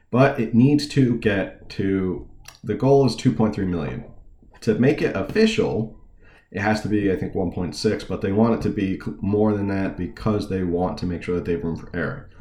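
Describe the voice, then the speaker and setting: Deep-voiced man hosting a political show. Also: a little mellow, roomy sound. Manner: informal, digressive, sarcastic asides. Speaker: political talk show host. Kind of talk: casual political commentary with read-aloud articles.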